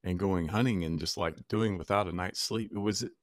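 A man's voice: deep voice, moderate pace, no room sound, clean studio sound. A man from Texas hosting a podcast, asking questions in a friendly, tentative way with frequent restarts. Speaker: podcast host. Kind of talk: casual interview.

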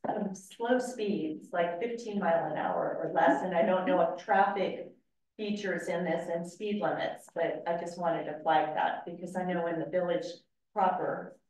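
A woman resident sharing her views at a planning session in a thoughtful, measured way. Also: fairly low pitch, steady tone, darkish tone. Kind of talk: public meeting comment. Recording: distant, echoey meeting room.

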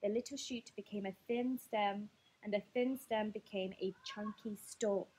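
A woman's voice: medium pitch, measured pace, a little hiss or hum, poor audio. Woman reading a picture book aloud. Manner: expressive, lively storybook reading. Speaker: teacher.

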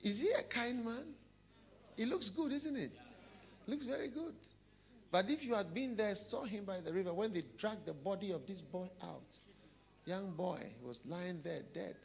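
Man, preacher, sermon, storytelling, asks the crowd questions, slightly high voice. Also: normal speed, creaky. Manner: storytelling, asks the audience questions, drops to quiet and low.

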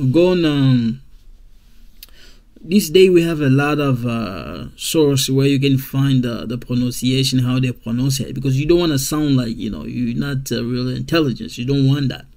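A man teaching a beginner English grammar lesson, repeating example sentences slowly with many fillers and checks. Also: mid-range voice, gravelly, warm tone. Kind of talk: slow classroom grammar lesson.

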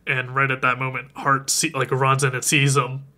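A man's voice: medium pitch, monotone, normal speed, pushed and bright. A man co-hosting a podcast, casually retelling a movie's plot and acting out the characters' lines. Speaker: podcast co-host recapping a film. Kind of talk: casual chat.

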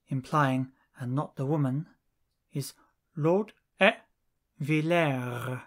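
Very slow, deliberate language teacher. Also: mid-range voice. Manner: slow, deliberate phrase-by-phrase drilling. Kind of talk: language lesson drills.

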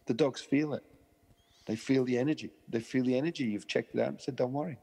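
Man, dog trainer guest, breathy husky tone, long echoing reverb, lively storyteller. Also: medium pitch, brisk. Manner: animated storyteller acting out quoted voices. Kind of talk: conversational podcast interview.

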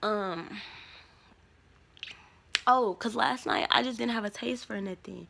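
Young woman vlogger, mid-pitched, gravelly fry, candid rambling storytime delivery. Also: a little slow, long pauses. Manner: drifts between soft murmurs and louder bursts. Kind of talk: casual storytime vlog.

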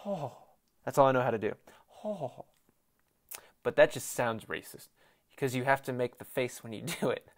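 A young man hosting a casual sports talk show, rambling off the cuff and swearing as he mocks a rival team. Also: mid-range voice. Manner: profane, excitable, mocking rival team; self-deprecating, off the cuff. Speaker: sports podcast host.

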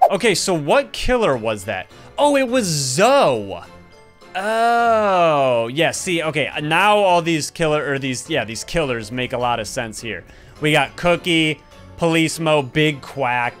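Excitable high-voiced young man gaming. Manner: jumpy, talks to viewers, swings from muttering to yelling. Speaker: gaming YouTuber. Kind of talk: excited game commentary. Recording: faint game music behind.

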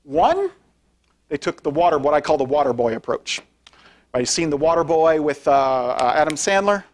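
A man's voice: fairly high pitch, very animated, moderate pace. A man giving an informal lecture with slides as a guest speaker. He talks conversationally, often tags sentences with "right?" and asks for the next slide as he goes. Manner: conversational, frequent tag questions; directs slide changes while speaking. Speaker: guest speaker, philosophy professor.

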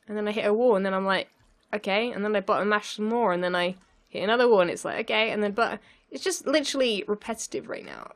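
A young woman narrating her own gameplay, flustered and laughing as she talks herself through it. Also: mid-range voice. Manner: flustered, self-talking, laughs often. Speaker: let's play gamer. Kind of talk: live gameplay commentary.

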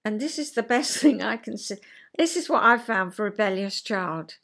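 A woman hosting a podcast, chatting about psychology and acting out quoted voices with sudden pitch jumps. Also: expressive, normal speed, fairly bright tone. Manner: chatty, checks in with listener. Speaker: podcast host. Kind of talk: casual chat explaining psychology.

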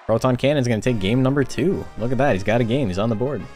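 A man's voice: mid-range voice, fast, darkish tone, faint music behind. A man casually commenting on a game tournament stream, rambling with frequent filler words.

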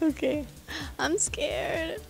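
A woman's voice: high voice, expressive, drawn-out words, creaky. A young Australian woman, an actress, chatting casually in an interview with frequent self-deprecating giggles.

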